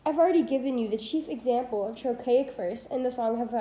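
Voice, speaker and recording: A woman's voice: on the high side, fairly quick, dark tone, echoey room, rough recording. A teenage girl reading a poetry textbook aloud, stopping to correct her slips and adding asides. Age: teens. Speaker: student reading a book aloud. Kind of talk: casual read-aloud of a textbook.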